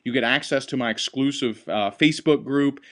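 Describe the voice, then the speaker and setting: A man makes an energetic sales pitch in a voice of ordinary pitch. He keeps it upbeat and salesy, pressing his points as he hosts. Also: a little fast. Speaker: host. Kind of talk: sales presentation on a call.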